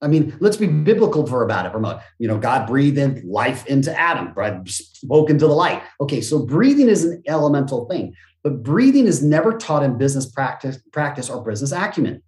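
A man talking as a motivational speaker and business coach on a podcast, energetic, acting out quoted voices and gasps, with some casual swearing. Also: medium pitch, a little fast, hardly any pauses, echoey room. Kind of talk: energetic conversational interview talk.

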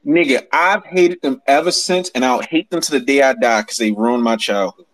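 A man co-hosting a casual live audio chat, telling stories in a lively, self-mocking and profane way. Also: medium pitch, moderate pace, poor audio. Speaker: podcast co-host.

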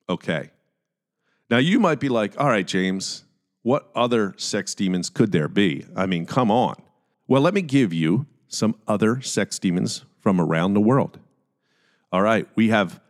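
A man with a Philadelphia accent talks through a casual solo podcast, his voice sitting a little low. He keeps things chatty and jokey, tossing in self-deprecating asides as he goes. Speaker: podcast host.

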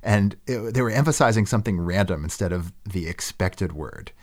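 A man's voice: low-pitched, expressive, moderate pace, a little mellow. A man hosting a podcast, talking casually and self-deprecatingly about his own work. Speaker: podcast host. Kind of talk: casual reflective monologue.

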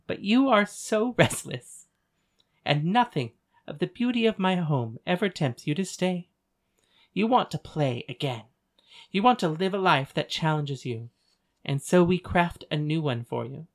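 A calm, ancient goddess speaks with soothing, measured patience, as a voice actor reads her. The voice sits in a medium pitch, as in a storybook audiobook. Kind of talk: audiobook dialogue reading.

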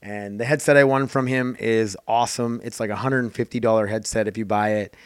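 A man's voice: fairly low pitch, steady tone, brisk, no room sound, studio quality. A man hosting his own podcast, rambling in an offhand, casual way and swearing freely. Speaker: podcast host. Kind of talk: casual solo podcast chat.

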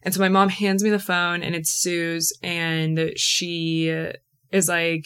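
A woman's voice: on the low side, flat delivery, measured pace, fairly bright tone, clean tone. A young woman hosting a podcast, telling a personal story in a chatty, emotional way full of "like" fillers. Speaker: podcast host. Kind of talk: casual solo storytelling.

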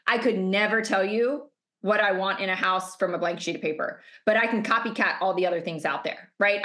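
A woman's voice: medium pitch, a bit bright. A middle-aged woman coach giving an emphatic motivational masterclass over a video call, stacking up rhetorical questions. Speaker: business coach.

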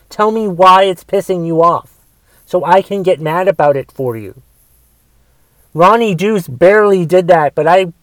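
A man from the United States hosting a casual podcast, his voice sitting a little high for a man. He rants with constant swearing, drifting between low muttered asides and loud, heated tirades. The sound is close and dry, with no room echo. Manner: profane, swings from mumbled asides to loud angry ranting. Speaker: podcast host.

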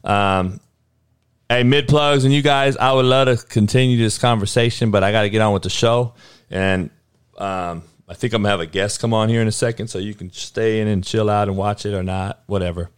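At normal speed, a man with a smooth, lowish voice runs a livestream and answers his chat. His talk is heated and profane, packed with rhetorical questions, and he often stumbles, restarting and repeating himself with a stammer. Clean studio sound, no echo.

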